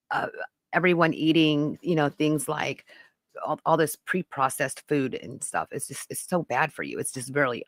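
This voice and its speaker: A woman's voice: sits low, a bit bright, no echo. A woman hosting a podcast live stream, talking casually and rambling to viewers in the chat. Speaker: podcast host.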